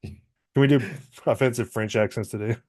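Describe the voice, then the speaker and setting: Man with dry deadpan quips. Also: medium pitch, normal speed. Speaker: podcast co-host. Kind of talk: casual comedic chat.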